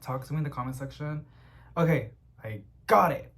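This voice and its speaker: A young man chatting casually at home about plants he is unboxing, rambling and getting excited as he goes. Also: on the high side, a little fast, noisy background. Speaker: plant vlogger.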